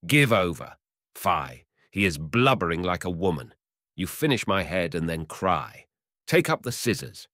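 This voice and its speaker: Brief: male narrator playing a smug, penny-pinching older man in a storybook; brisk, dismissive, very low voice. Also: very animated, bright, forceful tone, no echo, clean studio sound, exaggerated voice. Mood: brusque. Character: older man, smug miserly customer, blunt.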